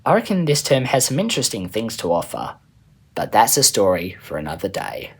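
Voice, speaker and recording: A man's voice: on the low side, huge pitch swings, fairly quick, slightly rough. A man reading his own story aloud in a casual, chatty way as the channel's storyteller. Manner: casual, chatty, a little rambling.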